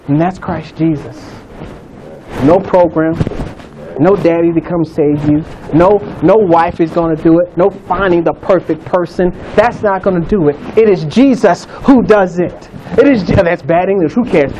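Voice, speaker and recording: A man's voice: sits high, normal speed, warm tone, slight background noise, low-quality recording. A man preaching a sermon with passion, his voice rising and falling as he addresses the congregation. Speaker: pastor.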